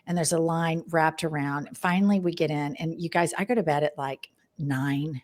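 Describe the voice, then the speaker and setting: A woman with a Southern US accent, a podcast host speaking as a panel guest, telling an animated, profane story. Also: deep voice, moderate pace. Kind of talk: casual panel chat.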